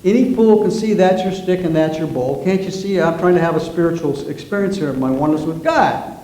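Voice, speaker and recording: A man voicing an earnest young male student who chants loudly and insistently, heard in a roomy church sanctuary. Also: fairly high pitch, a little fast, natural voice. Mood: exasperated. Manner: loud, insistent chanting, turning exasperated.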